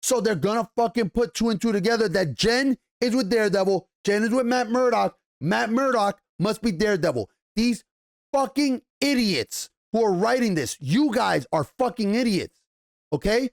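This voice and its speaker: An exasperated TV reviewer rants with heavy swearing, circling back to the same complaints again and again. The voice sits at a middling pitch, and the recording is dry and close with no room sound. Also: lively intonation, normal speed, no room sound. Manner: exasperated, swearing heavily, repeating points. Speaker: TV show reviewer. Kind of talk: angry rant review.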